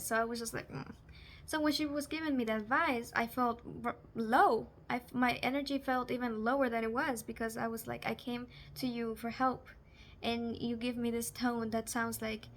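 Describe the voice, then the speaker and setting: A woman's voice: a little high, a bit bright, a little hiss or hum. A young woman talking casually to camera as a vlogger, chatty and giggly, often searching for the right word. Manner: chatty, giggly, gropes for words.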